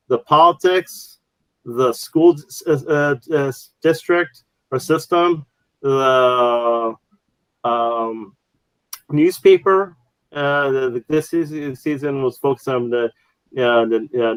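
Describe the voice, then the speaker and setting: Male podcast co-host, mid pitch, dry close mic, loose rambling delivery with lots of fillers. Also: no echo, poor audio. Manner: rambling, many fillers and restarts. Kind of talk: casual chat.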